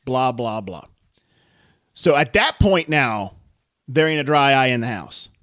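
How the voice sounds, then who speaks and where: A man's voice: medium pitch, a little slow, no room sound, clean studio sound. A man co-hosting a podcast, telling stories in casual chat with lots of laughter. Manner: animated storytelling, laughs often. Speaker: podcast co-host.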